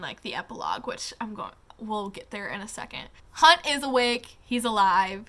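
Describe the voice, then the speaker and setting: A young woman with a high, bright voice chats through a casual book review, gushing and heavy on the word "like". She swears freely and sounds close to tears as she talks. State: tearing up.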